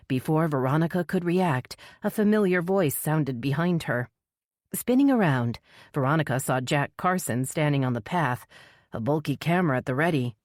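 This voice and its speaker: A woman narrates a thriller audiobook in a low, grounded voice, recorded dry and close with no room sound. She lifts her pitch to voice the other characters. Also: moderate pace, darkish tone, no room sound.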